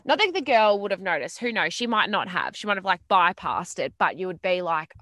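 A woman's voice: lowish voice, expressive, fairly quick, sharp tone, no echo, clean studio sound. A tired woman, co-hosting a podcast in blunt, sweary casual chat. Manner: swears freely, blunt and chatty. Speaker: podcast co-host.

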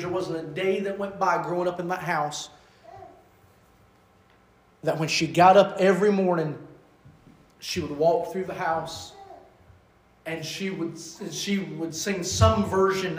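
A man preaching a sermon as an evangelist, fervent, rising to loud bursts and then dropping soft. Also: sits high, steady tone, unhurried. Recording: echoey room.

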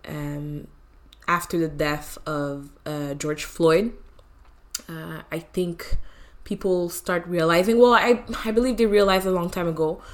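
Young woman, low voice, emotional, halting, lots of fillers, podcast co-host, from Canada. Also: fairly even intonation. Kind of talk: casual chat.

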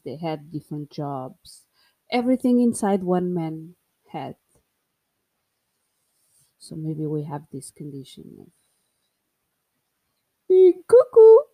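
A woman's voice: low voice, dark tone. A woman in her thirties from Portugal with a Portuguese accent, hosting a solo podcast in a playful, rambling, self-mocking way. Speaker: podcast host.

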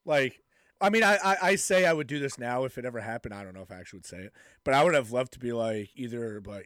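A man's voice: medium pitch, animated, quick pace, fairly bright tone, smooth, dry recording. A young man co-hosting a podcast, swearing a lot and telling stories through laughs. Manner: profane, laughing storyteller, acts out quotes. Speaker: podcast co-host. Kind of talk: casual chat.

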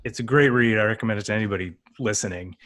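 A man hosting a podcast from his home office, chatty and jokey with quick asides. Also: on the low side, a bit bright, dry recording, clean studio sound. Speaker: podcast host. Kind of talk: casual podcast conversation.

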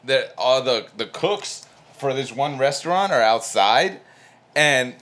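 A man's voice: medium pitch, animated, takes it slowly, a bit bright. A man co-hosting a casual comedy podcast, playful and laughing as he tells stories. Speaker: podcast co-host.

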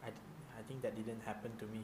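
A man in his twenties with a Malaysian English accent, telling stories in a casual podcast chat, animated and laughing often. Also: fairly low pitch, fast. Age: 20s. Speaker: podcast co-host. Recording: echoey room, faint background noise.

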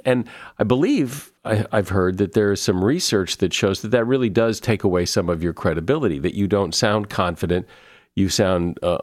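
Middle-aged male podcast host, lowish voice, deliberate, dry close mic. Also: animated, darkish tone, dry recording. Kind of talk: conversational interview.

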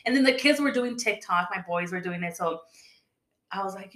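A woman's voice: medium pitch, fast talker, a bit bright. A woman in casual podcast chat, telling stories in a chatty way and acting out the voices of people she quotes. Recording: echoey room.

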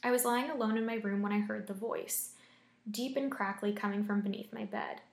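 A woman's voice: medium pitch, steady tone, brisk, vocal fry. A young woman reading scary stories aloud and chatting about them between stories, using lots of fillers when she reacts. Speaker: story reader and host. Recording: roomy echo.

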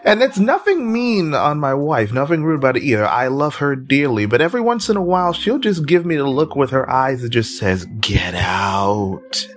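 Guy hosting a news podcast, cracks jokes between stories, pitch all over the place. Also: very animated, brisk, hardly any pauses. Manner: jokey, chatty asides with fillers. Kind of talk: casual news commentary.

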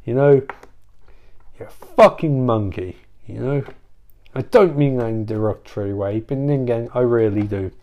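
Guy ranting thru a silly made-up story, swears nonstop, goes off on tangents, mid-pitch voice. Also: moderate pace, dark tone. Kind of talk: rambling comic storytelling.

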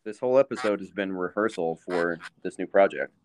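A man co-hosting a podcast in casual chat, with dry, wry humor and quick laughs. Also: low voice. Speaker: podcast co-host.

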